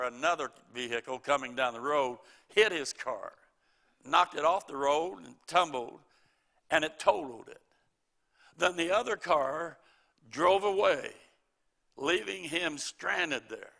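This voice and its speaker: A man's voice: on the high side, animated, unhurried, vocal fry, sharp tone. A middle-aged man preaching a sermon, quoting scripture and telling folksy stories with chuckles.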